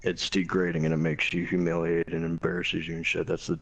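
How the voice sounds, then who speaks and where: Young guy rambling a cuss-heavy story, deep and raspy. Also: completely flat delivery, brisk, rough recording. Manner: profane, blunt, quoting others animatedly. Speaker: former Marine telling a story. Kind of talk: casual storytelling.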